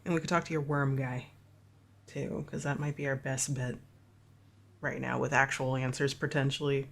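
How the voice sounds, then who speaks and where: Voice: mid-range voice, level tone, normal speed, vocal fry. A player in a tabletop roleplaying game, talking in a wry, offhand way.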